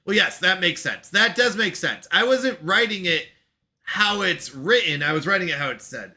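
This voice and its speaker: A male streamer talks casually to his audience with an excitable manner and frequent laughter. His voice sits high and jumps around in pitch. The tone is very bright. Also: normal speed. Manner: excitable, laughs often, exclaims at himself. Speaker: live-stream host. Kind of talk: casual live-stream chat.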